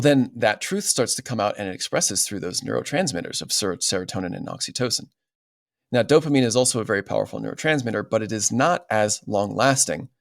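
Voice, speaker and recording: Gravelly and lowish, this man's voice comes through a dry, studio-quality recording. He's a guest on a podcast, giving earnest explanations in casual interview talk and frequently adding "right?".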